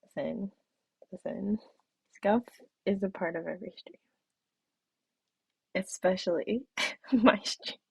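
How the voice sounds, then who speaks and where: A woman's voice: mid-range voice, takes it slowly, gravelly, long pauses, a little mellow, breathy edge, dry recording. A young woman chatting casually on her live stream, giggly, with a throat that feels off and the odd whispered aside. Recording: dull, muffled stream audio.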